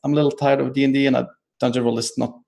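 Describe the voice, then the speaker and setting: Gravelly-voiced man, tabletop player, halting speech full of fillers. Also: medium pitch, flat delivery, a little mellow. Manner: hesitant, many fillers. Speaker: tabletop game player and one-shot runner. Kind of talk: casual self-introduction.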